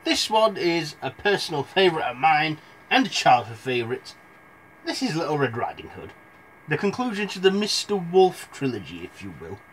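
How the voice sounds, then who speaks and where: A man's voice: a little high, big pitch swings, normal speed. A young man telling fairy tales in a rambling, irreverent comic retelling, full of asides. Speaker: storyteller.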